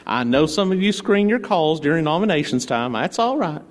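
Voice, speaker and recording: A man's voice: fairly high pitch, very animated, moderate pace, big-room sound. A male pastor preaching a sermon in a conversational storytelling way, with playful asides, in a church.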